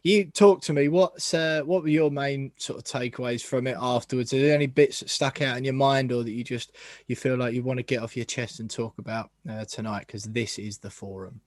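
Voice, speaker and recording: A man hosting a casual football podcast, chatty and quick to laugh. His voice sits at an ordinary middle pitch and is recorded dry and close. He keeps the conversation moving with easy banter. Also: steady tone, dry recording. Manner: chatty, laughs often, tries mock accents. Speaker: podcast host.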